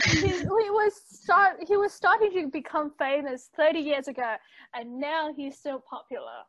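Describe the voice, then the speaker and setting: High-voiced, giggly woman podcast co-host. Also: sing-song, moderate pace, a bit bright, dry recording. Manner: giggly, chatty, with frequent restarts. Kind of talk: casual chat.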